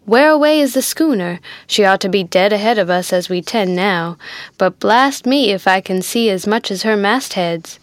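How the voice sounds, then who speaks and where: Woman voicing a gruff sea captain. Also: medium pitch, expressive, moderate pace, dry recording, lightly acted. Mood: impatient. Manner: hailing, loud, cursing.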